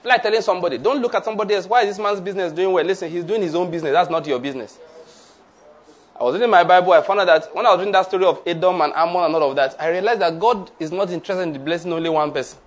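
A man's voice: sits high, very fast. A male preacher delivering a sermon, leading the congregation in repeated declarations. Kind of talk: sermon with call-and-response.

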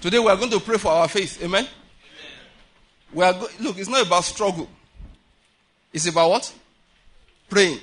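A man preaching a sermon, animated, acting out quotes and laughing often. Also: high-pitched, normal speed, pauses often.

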